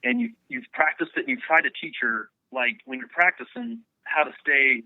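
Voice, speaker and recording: A man, a bowhunter guest, telling a hunting story in an excited, casual way. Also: a little high, normal speed, no echo. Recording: phone-like narrow sound.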